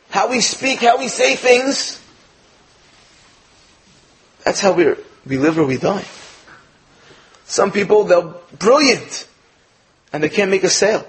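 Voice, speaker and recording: A man giving an earnest inspirational talk, telling parables in an animated storytelling manner. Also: high voice, slow, long pauses, husky, low-quality recording. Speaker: speaker.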